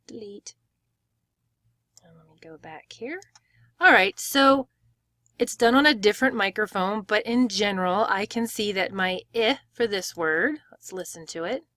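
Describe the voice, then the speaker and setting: Clear woman teaching pronunciation. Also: mid-range voice, unhurried, pushed and bright, no room sound, clean studio sound. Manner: clear, step-by-step explaining with demonstrated words. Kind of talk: screen-share tutorial.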